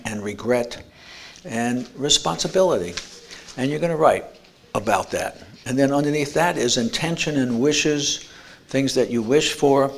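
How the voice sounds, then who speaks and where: A man's voice: mid-range voice, a little hiss or hum. A man giving an earnest motivational talk at an expo, telling stories and restarting words. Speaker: speaker. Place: expo lecture room.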